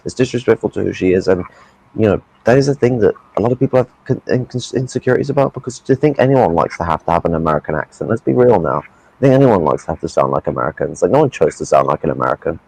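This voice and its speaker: A man's voice: deep voice, expressive, fast, gravelly, darkish tone, breathy edge, dry recording, low-quality recording. A man in casual political chat, blunt and profane, ranting at length.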